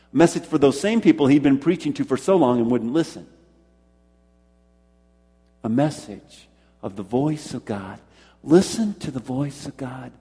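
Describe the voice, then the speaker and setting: A man's voice: medium pitch, dark tone, breathy edge. A pastor preaching a sermon to his congregation, leaning on repeated words for emphasis and putting questions to the listeners. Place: church hall with congregation. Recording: long hall reverb.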